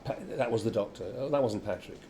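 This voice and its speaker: An older actor chatting as an interview guest, a lively storyteller who acts out quotes. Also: male voice, lowish voice, quick pace, slight background noise. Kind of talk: casual interview chat. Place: venue with background chatter.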